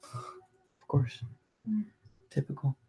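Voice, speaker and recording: A man's voice: very slow, warm tone. A young man hosting a candlelit reading at home, chatting casually and rambling through an intermission, swearing freely. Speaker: reader and host. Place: home with candles and a resin burner.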